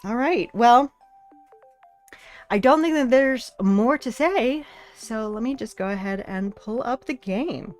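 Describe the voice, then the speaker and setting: A woman's voice: a little high, expressive, takes it slowly. A woman streaming from home in casual chat, thinking aloud as she sets things up. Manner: chatty, thinks aloud while setting things up. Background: faint lo-fi music.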